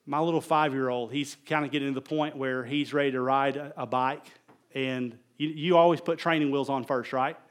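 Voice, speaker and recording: A middle-aged man preaching a conversational sermon as pastor, telling stories animatedly and swinging between loud emphasis and quiet asides. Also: mid-range voice, steady tone, normal speed.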